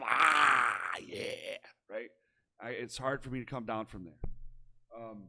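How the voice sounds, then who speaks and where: A man with a Midwestern American accent judging wrestling promos, encouraging and rambling, sometimes getting loud. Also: mid-range voice. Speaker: promo competition judge. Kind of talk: candid spoken critique.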